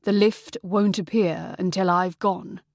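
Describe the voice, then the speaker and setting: Woman voicing a flat, preachy young man. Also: fairly low pitch, unhurried, no room sound, studio quality. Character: hungover, gloomy young man.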